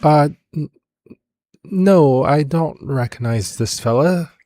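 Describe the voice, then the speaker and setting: A man voicing a nervous, squeamish male companion in a tabletop game, halting and unsure. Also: on the high side, darkish tone, voice pushed up. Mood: hesitant. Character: nervous male NPC Silas, hesitant and squeamish.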